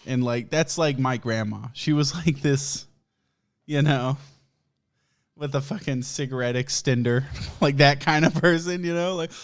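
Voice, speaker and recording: A man's voice: mid-range voice, a little slow. A man hosting a podcast, telling a rambling, profane story in a casual way and laughing often. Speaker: podcast host.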